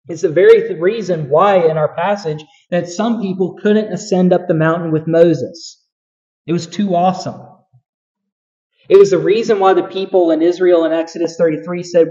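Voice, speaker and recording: A man preaches in a conversational way, stumbling over restarts as his emphasis builds. His voice sits fairly high, with a warm, mellow tone. The recording sounds a little dull and lo-fi. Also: steady tone, normal speed. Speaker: pastor. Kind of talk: sermon.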